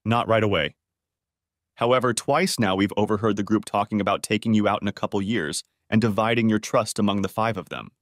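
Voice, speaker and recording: A man's voice: on the low side, brisk, no room sound, studio quality, lightly acted. A man voicing a blunt male private investigator who delivers news in a matter-of-fact way. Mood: grave.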